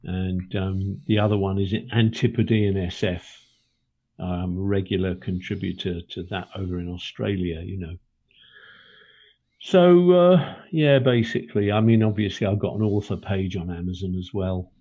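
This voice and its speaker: A British man with a lowish, husky voice talks in a loose, rambling way, stopping and restarting his thoughts. The sound is dull and a bit lo-fi, like a remote call. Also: normal speed, warm tone. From Britain. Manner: rambling, self-correcting, with many ums and restarts. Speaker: author and podcast guest. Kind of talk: casual chat.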